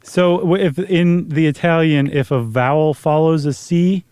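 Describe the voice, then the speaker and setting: Easygoing podcast guy, mellow tone, dry close mic, lots of ums and likes. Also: on the high side, unhurried, smooth, dry recording. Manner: conversational, rambling with fillers. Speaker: podcast co-host. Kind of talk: casual chat.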